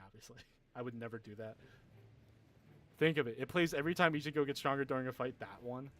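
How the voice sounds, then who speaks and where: A man's voice: high-pitched, fairly bright tone. A young man chatting casually with viewers on a gaming livestream, rambling, swearing a lot and laughing often.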